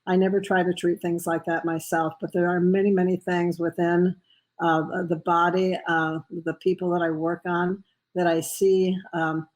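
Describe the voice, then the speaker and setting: A woman answering questions as a guest on a radio interview, halting with frequent ums and uhs. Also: on the low side, level tone, darkish tone, low-quality recording. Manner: hesitant, many ums and uhs. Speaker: guest, medical intuitive.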